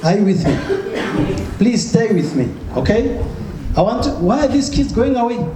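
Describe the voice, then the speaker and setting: A very animated man with a high voice gives a motivational talk at a moderate pace, hammering his points and often asking the audience questions. It takes place in a large, crowded hall, and the recording is echoey with noise.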